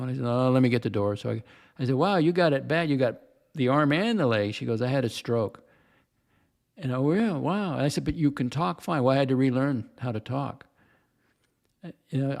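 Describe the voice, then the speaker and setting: An older man talks loosely on a livestream, drifting from one story to the next and repeating himself as he goes. His voice has a gravelly, rough edge and sits at an ordinary pitch for a man. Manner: chatty storyteller, repeats himself, reads chat comments. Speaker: livestream host. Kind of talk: rambling casual chat.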